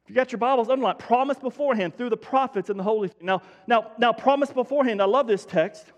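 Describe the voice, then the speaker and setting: A man delivering a lively sermon in a high voice, leaning on repeated phrases and talking straight to his congregation. His voice rings out with a long reverb from a large church sanctuary. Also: fast talker, highs cut off. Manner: energetic, conversational preaching with emphatic repetition. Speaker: pastor.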